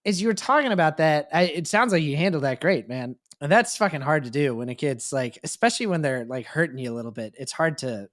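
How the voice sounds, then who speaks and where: A man's voice: fairly high pitch, expressive, quick pace, few pauses. A man and podcast co-host in casual chat, who lays out ideas thoughtfully and at length.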